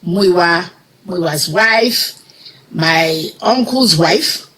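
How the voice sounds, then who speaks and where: Speaking in a fairly bright, lowish voice and drawing out her words, a middle-aged Nigerian-accented woman recounts a personal story as an interview guest. She tells it with emotion, vividly performing the quoted words of the people involved. The recording quality is poor.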